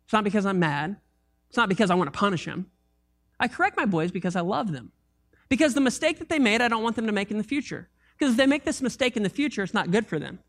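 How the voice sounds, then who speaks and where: A man preaching a sermon as pastor, animated and conversational, with jokes and asides to the congregation. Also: sits high, fast talker.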